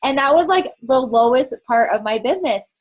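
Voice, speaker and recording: A woman's voice: high-pitched, animated, normal speed. Frank, chatty woman coaching her team. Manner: frank and chatty, swears, many fillers. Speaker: network marketing fitness coach. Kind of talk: candid motivational team call talk.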